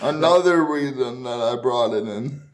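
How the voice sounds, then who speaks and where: A man's voice: medium pitch, moderate pace. A man co-hosting a podcast, making dry, sarcastic jokes in casual chat. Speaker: podcast co-host.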